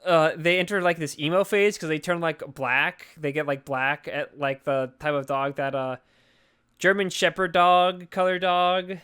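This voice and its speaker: A young man chatting casually on a movie podcast, rambling and cracking crude jokes. His voice sits high and comes across smooth and clear. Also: little pitch movement, unhurried, a bit bright. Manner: profane, rambling, joking. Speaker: podcast co-host. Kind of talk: casual movie review chat.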